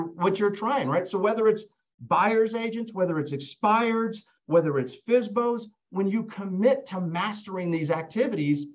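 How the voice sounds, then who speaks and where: Male sales coach on a video call, casual delivery, keeps checking in with the group, slightly muffled audio. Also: sits high. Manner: conversational, keeps asking "right?", repeats words when restarting. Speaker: real estate sales trainer. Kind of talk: live online coaching session.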